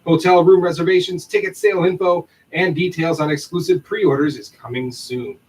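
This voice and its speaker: A man's voice: on the high side, steady tone, normal speed, darkish tone, distant mic, low-quality recording. A man co-hosting a podcast livestream, reading an upbeat announcement and then chatting and laughing loosely. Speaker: podcast co-host.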